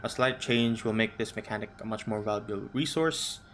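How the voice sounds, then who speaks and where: A man running a tabletop game as game master, describing scenes in a relaxed, unhurried way with many ums over an online call. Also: on the low side, a little hiss or hum.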